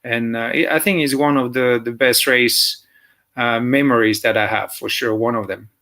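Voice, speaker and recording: A man with a French accent, a former motocross champion talking as a guest in a casual interview, halting with many fillers and restarts. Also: mid-range voice, steady tone, sharp tone. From France. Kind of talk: casual interview over a call.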